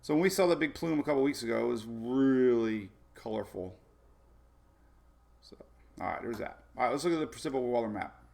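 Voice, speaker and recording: A man's voice: medium pitch, animated, racing, vocal fry, a little mellow. A man hosting a casual live weather show, rambling and chatty with many fillers and frequent laughs.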